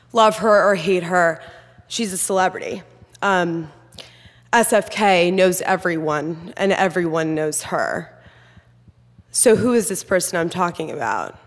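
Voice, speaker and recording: Young woman, nervous, candid personal story, lots of ums, slightly low voice, long hall reverb. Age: 20s. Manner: candid, frequent "um" fillers. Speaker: student speaker.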